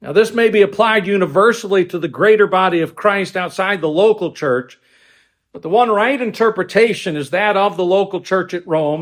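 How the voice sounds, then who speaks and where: High-voiced male pastor, measured sermon delivery with frequent restarts and asides.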